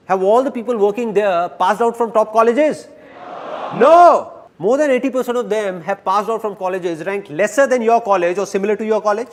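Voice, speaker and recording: High-voiced Indian motivational speaker. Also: male voice. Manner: earnest, asks the crowd questions. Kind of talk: seminar talk to an audience.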